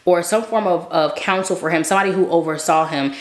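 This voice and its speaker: Fast-talking woman in an echoey room. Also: on the low side. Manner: chatty, filler-heavy, asks "right?". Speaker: faith vlogger. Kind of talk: casual storytelling.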